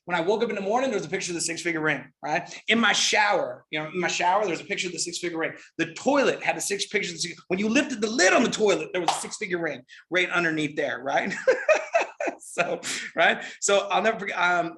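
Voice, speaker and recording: A middle-aged man giving a motivational network marketing training, energetic and repetitive, often checking in with "right?". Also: on the high side.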